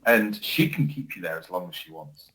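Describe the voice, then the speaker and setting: A man co-hosting a casual podcast, telling stories with animated laughter. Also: low voice, moderate pace, poor audio. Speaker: podcast co-host. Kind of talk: casual chat.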